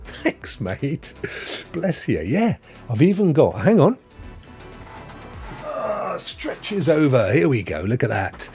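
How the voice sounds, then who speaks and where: A man in his fifties from England, with a mixed Potteries and Sydney accent plus a touch of Devon, hosts a live stream and reads viewer comments in a matey, rambling chat. His voice is a little high and a little mellow, with wildly swooping pitch. He takes it slowly with long pauses, and soft music plays in the background.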